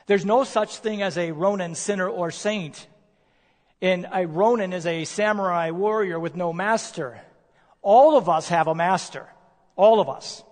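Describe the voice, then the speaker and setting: A male preacher delivering a sermon, emphatic, posing rhetorical questions and slowing down to stress key words. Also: high-pitched. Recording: long reverb of a large hall.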